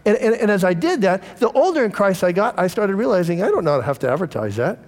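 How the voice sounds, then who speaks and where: Higher-voiced pastor in echoing church. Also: male voice, big pitch swings, fast talker. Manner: candid personal storytelling, addressing the congregation. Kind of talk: conversational sermon.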